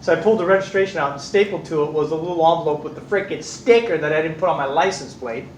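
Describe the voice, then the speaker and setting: A middle-aged man from California telling stories to a class, fairly high for a man, acting out everyone in them and cursing freely. He is picked up from across an echoey room, with faint ambient noise. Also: fast talker. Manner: animated storyteller, acts out voices, swears casually. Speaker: instructor. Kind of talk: anecdotes in a class. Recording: echoey room, distant mic.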